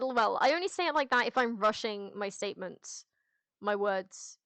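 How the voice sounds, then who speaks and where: A woman's voice: mid-range voice, animated, moderate pace, fairly bright tone, no echo. A woman streamer on a headset, chatting casually with her chat in a rambling, candid way, full of restarts and the odd swear. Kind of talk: casual livestream chat, answering chat.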